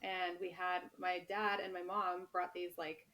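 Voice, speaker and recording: A woman's voice: lowish voice, flat delivery, measured pace, bright, forceful tone, rough recording. A young adult woman, a book author and guest on a podcast, telling stories in a chatty way and laughing often. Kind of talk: casual podcast interview.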